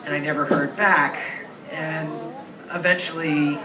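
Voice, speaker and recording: Young man, high voice, rambling earnest storyteller, live in a noisy bar. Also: fairly even intonation, a little slow, far from the mic. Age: 20s. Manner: earnest, rambling, full of "like" fillers. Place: crowded bar. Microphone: distant handheld camera. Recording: roomy bar recording from afar, crowd chatter.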